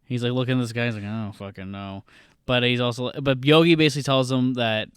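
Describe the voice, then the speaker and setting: A man's voice: medium pitch, steady tone, quick pace, fairly bright tone, clean tone, no room sound, clean studio sound. A man co-hosting a podcast, talking casually and loosely through a film with frequent swearing. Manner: loose, rambling, swears freely. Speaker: podcast co-host.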